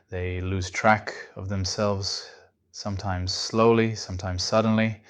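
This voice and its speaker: A man with a deep, low voice reads a scripted narration. His delivery is measured and reflective. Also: fairly bright tone.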